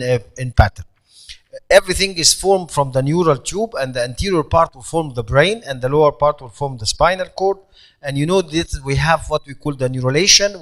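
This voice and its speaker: A man giving a medical conference lecture, pausing often with fillers and restarts. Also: fairly high pitch, fairly bright tone. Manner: hesitant, many fillers and restarts. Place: conference hall.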